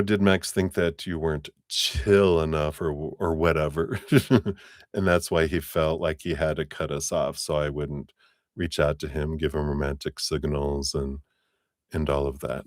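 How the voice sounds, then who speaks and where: A man with a very low, deep voice gives a live tarot reading in a loose, rambling way, full of fillers and self-amused laughs. The sound is close and dry with no room around it. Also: steady tone, a little slow, no echo. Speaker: tarot reader.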